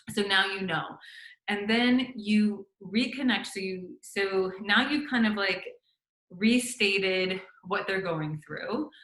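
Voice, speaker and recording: A middle-aged woman with a bright, clear tone gives loose, chatty coaching to fellow doctors. She talks casually, stumbling through fillers and restarts, and slips into sample lines the way she would say them on a call. The room around her rings noticeably. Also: medium pitch, echoey room, rough recording. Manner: conversational, many fillers and restarts, acts out sample phone lines. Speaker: physician coaching doctors on practice building. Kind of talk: casual instructional talk.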